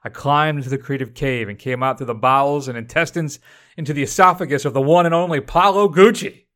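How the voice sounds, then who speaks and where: A man's voice: on the high side, brisk, a bit bright, lightly acted. A man doing a mock-solemn, pompous impression of a self-serious method actor.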